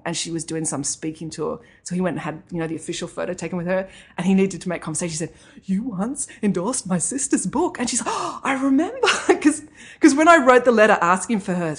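A woman, a children's author and comedy writer, chatting in an interview and laughing often. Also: on the low side. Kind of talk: interview conversation.

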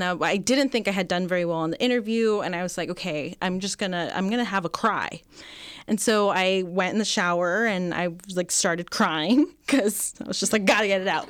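A woman's voice: mid-range voice, a bit bright, smooth, dry recording, clean studio sound. A young woman in a casual panel chat who speaks thoughtfully and laughs as she tells stories. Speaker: panel guest.

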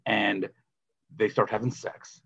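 Husky-voiced sarcastic male podcaster. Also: on the low side, steady tone, slow, sharp tone, dull audio. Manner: sarcastic, acts out quotes. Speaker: podcast co-host. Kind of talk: casual movie review chat.

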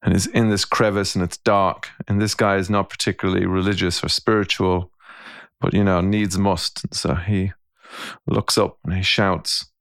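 A man co-hosting a podcast, talking in a relaxed, reflective way and telling a story, often restarting his sentences. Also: low-pitched, moderate pace, clear, resonant tone, no room sound, clean studio sound. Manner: thoughtful, storytelling, frequent restarts. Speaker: podcast co-host. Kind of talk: casual reflective conversation.

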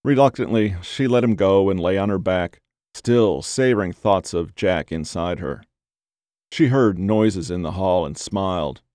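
Male storyteller, low-pitched, measured and deliberate, dry recording. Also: darkish tone, no echo. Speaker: narrator. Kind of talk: scripted story narration.

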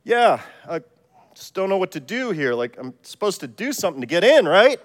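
A man's voice: sits high, a little fast. A man doing an eager, boastful pastor. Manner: earnest, excitable, boastful. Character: eager, anxious male pastor at heaven's gates. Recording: long church reverb.

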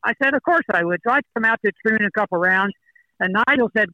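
A man's voice: high-pitched, fast, dry recording, poor audio. Older man telling golf stories. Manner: storytelling, animated. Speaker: guest golfer. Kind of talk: podcast interview.

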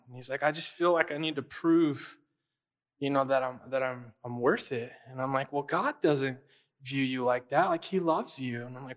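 A man's voice: medium pitch, fairly even intonation, brisk, a bit bright. Male pastor, young adult, casual storytelling sermon, chatty, lots of fillers. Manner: conversational, full of fillers like "like" and "right?".

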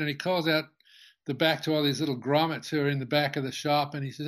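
A man's voice: fairly high pitch, steady tone, a bit bright. Rambling older man telling a story. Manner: halting, many restarts and fillers. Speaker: interview guest, company founder. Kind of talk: anecdotal storytelling in interview.

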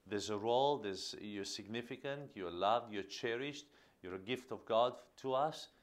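A man's voice: lowish voice, moderate pace. A man hosting a podcast, giving an earnest teaching monologue on parenting and stressing key phrases by repeating them. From Australia. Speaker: podcast host.

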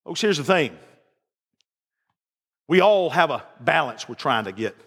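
A man's voice: on the high side, very animated, measured pace, fairly bright tone, breathy edge. A man preaching a sermon in a church, folksy and emphatic, repeating his phrases. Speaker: pastor. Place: church sanctuary. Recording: long reverb of a large hall.

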